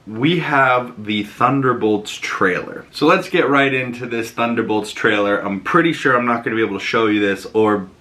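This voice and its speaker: A man's voice: mid-range voice, normal speed, hardly any pauses, pushed and bright. A young man hosting a casual home vlog, rambling and chatty with plenty of fillers. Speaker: host.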